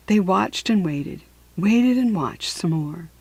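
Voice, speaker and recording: Expressive woman reading a storybook aloud. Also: lowish voice, takes it slowly, breathy edge, no echo. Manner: expressive, drops to a whisper for suspense. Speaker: children's book reader.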